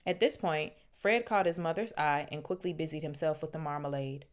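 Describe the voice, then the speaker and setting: Woman host, low deep voice, reads a book aloud, drops into loose slangy asides, easygoing podcast reading. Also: brisk. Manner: breaks off for slangy asides and laughs. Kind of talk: reading aloud with casual commentary.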